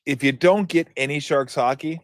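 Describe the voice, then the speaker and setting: A man's voice: on the high side, normal speed, no room sound, studio quality. A middle-aged man hosting a casual sports talk show, telling stories animatedly and laughing often. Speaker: podcast host.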